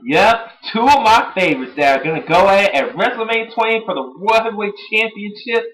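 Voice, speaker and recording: A man giving a casual recap of a wrestling show as an excitable fan, chatty and full of fillers. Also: sits high, brisk, low-quality recording. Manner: excitable, bursts into shouting and laughter, chatty with fillers.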